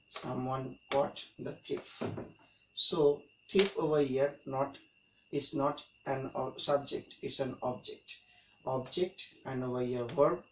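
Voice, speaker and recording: A man teaching an English grammar lesson, explaining each point and repeating it for emphasis. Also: mid-range voice. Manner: repetitive, emphatic explaining with restarts. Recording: echoey room, mic at a distance, faint background noise.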